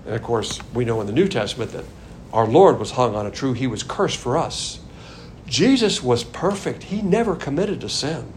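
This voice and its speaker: An older man from the American South teaching a Bible sermon, swinging between loud emphasis and quiet asides. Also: medium pitch, animated, normal speed, a little hiss or hum. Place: Texas.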